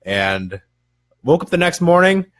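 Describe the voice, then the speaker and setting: A man's voice: on the high side, very animated, measured pace, fairly bright tone, no echo, clean studio sound. Rambling young man telling stories. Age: 20s. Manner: rambling storyteller, swears freely, laughs at himself. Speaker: podcast co-host. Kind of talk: casual chat.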